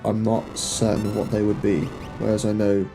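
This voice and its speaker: A man's voice: lowish voice, completely flat delivery, moderate pace. A young man casually commenting on the game he plays, rambling and joking at himself. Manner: rambling, self-deprecating, joking at the screen. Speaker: let's play host. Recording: faint game music behind.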